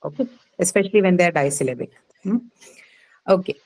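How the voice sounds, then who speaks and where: A woman's voice: fairly low pitch, animated, brisk, darkish tone, poor audio. A woman teaching a class, patiently explaining and checking that students follow with frequent "okay"s. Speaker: English teacher. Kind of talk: live online class lecture.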